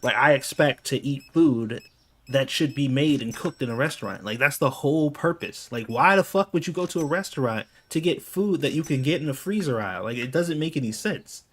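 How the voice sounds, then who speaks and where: A man's voice: mid-range voice, lively intonation, fairly quick, a bit bright. A male gaming YouTuber chatting off the cuff over his gameplay. He rambles, fills his sentences with "like" and swears casually.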